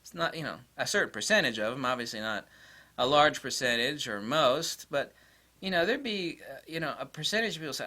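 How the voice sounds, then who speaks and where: A man's voice: animated, brisk, sharp tone. A man ranting to camera in a blunt, exasperated way as a tech vlogger. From United States. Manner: mocks critics in high squeaky voices. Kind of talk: casual rant to camera.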